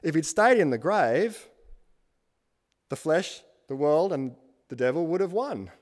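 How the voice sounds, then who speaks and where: A man delivers a sermon from the pulpit, his voice sitting a little higher than most men's. He drives his points home with repeated lists and turns to the congregation with questions. The sound carries a long reverb from the hall. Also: very animated, measured pace. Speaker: pastor.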